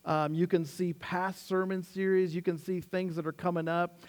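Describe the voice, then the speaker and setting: A pastor delivers a sermon with animated storytelling, acting out quotes with sudden rises in his voice. On key words he slows down and drops low.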